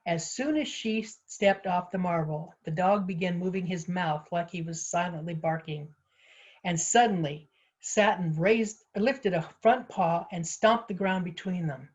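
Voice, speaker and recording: A woman's voice: lowish voice, a little slow, breathy edge. Woman author reading her story aloud. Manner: expressive, lively storytelling. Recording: slightly muffled lo-fi audio.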